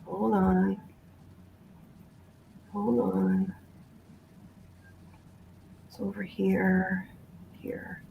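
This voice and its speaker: A woman talks over a video call in a halting, unhurried way. She pauses often and restarts her sentences. Her pitch sits in the middle range. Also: steady tone, slight background noise, poor audio. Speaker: guest sharing a family memory. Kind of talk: personal testimony on a video call.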